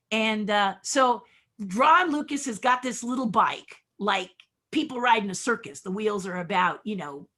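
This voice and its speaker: Animated woman telling stories as a guest. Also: mid-range voice. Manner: animated storyteller, acts out quotes. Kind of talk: interview.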